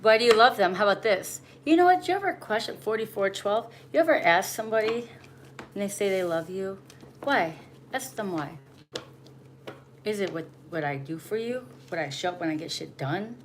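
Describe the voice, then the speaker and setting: A woman's voice: medium pitch, expressive, moderate pace. A woman giving a spiritual message in a casual livestream, blunt and preachy, swearing freely. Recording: noisy home recording.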